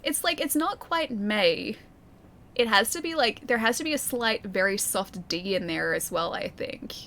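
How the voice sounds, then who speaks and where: A woman's voice: on the high side, normal speed, fairly bright tone. A young woman with a light Australian accent, chatting and laughing through a game stream and reading out chat. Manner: giggly, chatty, self-mocking. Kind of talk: casual gameplay commentary reading chat.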